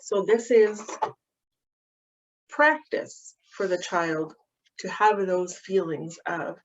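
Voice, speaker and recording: Slow patient lady explaining a kids calming game, lowish voice, kinda muffled audio. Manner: slow, gentle and patient, with frequent ums. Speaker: early childhood practitioner. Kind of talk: instructional walkthrough of a calming activity.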